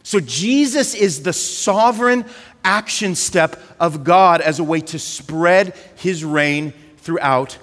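A male pastor, giving a conversational, animated sermon and leaning on filler words. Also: on the high side, slow pace, long reverb tail.

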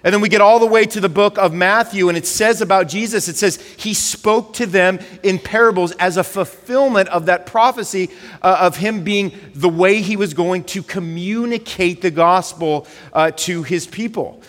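A male pastor, giving a conversational, animated sermon and leaning on filler words. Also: high-pitched, moderate pace, big-room sound.

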